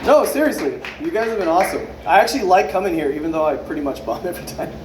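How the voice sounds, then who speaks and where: A man's voice: high-pitched, animated, very fast, noisy background. A man in his thirties doing an unrehearsed stand-up set, rambling loosely, swearing a lot and acting out other people's lines. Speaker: stand-up comedian. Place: comedy club stage with a live audience. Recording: echoey club room with crowd. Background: audience laughter.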